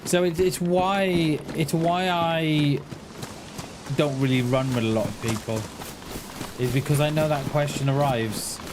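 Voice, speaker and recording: A man in his forties chatting casually on a gaming livestream, rambling and halting, often restarting his words and answering his viewers in a friendly way. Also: fairly high pitch, steady tone. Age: 40s. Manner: talks back to chat in a friendly, reassuring way. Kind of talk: casual livestream chat while playing. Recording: noisy home stream recording.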